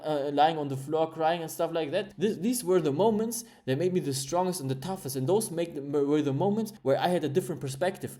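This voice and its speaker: A man's voice: on the high side, dark tone. A man hosting a casual motivational talk, emphatic and repetitive, now and then mimicking a complainer. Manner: emphatic, repeats words, mimics complainers in quotes. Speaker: motivational video host.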